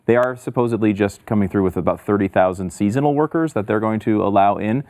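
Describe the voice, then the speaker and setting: A man co-hosts a talk show in casual conversation, now and then rattling off figures. His voice sits a little low. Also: fast talker, a little mellow. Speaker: co-host. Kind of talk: casual political chat.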